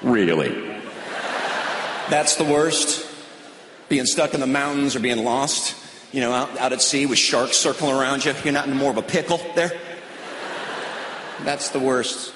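Deadpan stand-up comic in a roomy hall. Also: male voice, mid-range voice, a little slow, pauses often, noisy background. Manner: deadpan drawl, slipping into mocking voices. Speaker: stand-up comedian. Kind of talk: stand-up comedy. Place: large hall on stage. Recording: roomy, long hall reverb, audience ambience.

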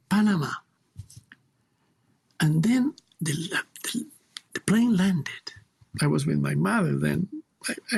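A man's voice: high voice, vocal fry, darkish tone, slightly rough. A man with a Chilean Spanish accent, a guest teacher speaking reflectively and emphatically in an interview, often repeating words for stress.

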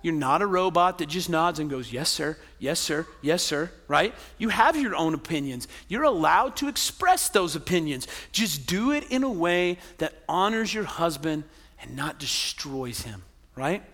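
Pastor, male, high bright voice, chatty sermon with jokes, big reverberant hall. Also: big pitch swings, normal speed. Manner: conversational, joking asides, tag questions.

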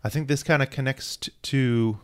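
Male co-host, eager and chatty, ordinary middle pitch. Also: normal speed, clean tone. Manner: enthusiastic, reads out credits. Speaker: podcast co-host. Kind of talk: casual chat about comics.

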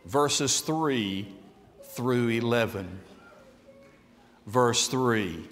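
Slow, dramatic preacher in a reverberant hall. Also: male voice, big pitch swings. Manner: slow, deliberate preaching that swings from soft lows to loud emphatic peaks. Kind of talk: sermon.

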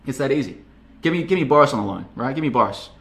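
A man's voice: mid-range voice, animated, racing, creaky, a bit bright, voice pushed up. A man voicing a breezy, overly casual American president in a comedic retelling, chummy and glib.

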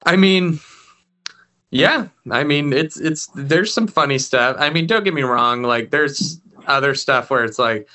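Animated, bright-voiced young man. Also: fairly high pitch, a little slow. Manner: animated, swearing, laughing storyteller. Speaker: podcast co-host. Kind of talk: casual chat.

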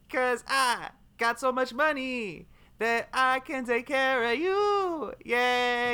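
A man voicing a smarmy rich man crooning a slow, sappy marriage proposal. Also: extremely high pitch, sharp tone, clean tone, pitched above the performer's own voice, exaggerated voice.

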